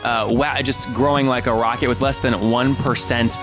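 An upbeat male podcast host reads ads with a salesman's energy and fires off rapid interview questions. His voice sits at an ordinary pitch, and clear music plays under it. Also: fairly even intonation.

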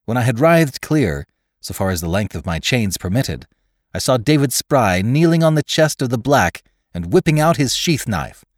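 A man reading a classic adventure story aloud as scripted narration, in a measured, expressive way. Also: medium pitch, no room sound, studio quality. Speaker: audiobook reader.

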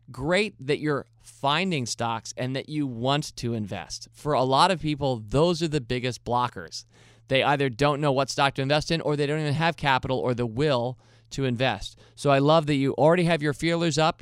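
The voice is a man's, medium in pitch with a clean tone, captured in a dry, clean studio. He's an American hosting his own investing podcast, casually and brightly going over listener questions and sometimes laughing lightly.

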